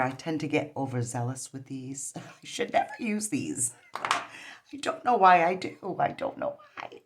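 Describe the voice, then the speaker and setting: A woman chatting casually through a nail strip tutorial, rambling with lots of fillers. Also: very deep voice. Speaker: nail polish vlogger.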